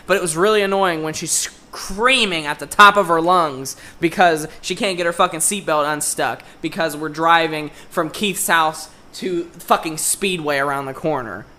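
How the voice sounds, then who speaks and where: A man's voice: on the high side, sharp tone. A young man co-hosting a podcast, telling a story in a profane, exasperated rant in casual chat. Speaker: podcast co-host.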